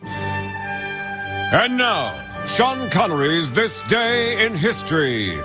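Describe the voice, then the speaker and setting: A man's voice: very high-pitched, huge pitch swings, over music, pitched above the performer's own voice, exaggerated voice. A man putting on a theatrical male TV announcer voice to introduce a comedy segment. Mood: grandiose. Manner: drawn-out, theatrical.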